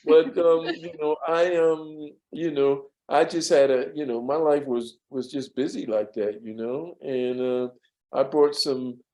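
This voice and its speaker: A man's voice: fairly high pitch, steady tone, measured pace, a little mellow, low-quality recording. A man telling stories from his years as a studio assistant in an interview, rambling with frequent fillers and restarts. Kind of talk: storytelling interview.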